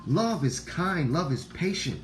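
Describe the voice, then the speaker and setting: A man with a deep voice and a Black way of talking, giving a casual, preachy monologue to viewers. He repeats lines for emphasis and swears freely, jumping from loud outbursts to low murmurs. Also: very animated, measured pace. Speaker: online talk host.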